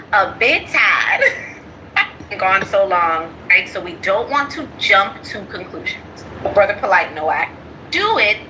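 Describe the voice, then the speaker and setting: A woman's voice: on the high side, bright, forceful tone, slight background noise, low-quality recording. A woman chatting casually on a stream, reading out viewer questions.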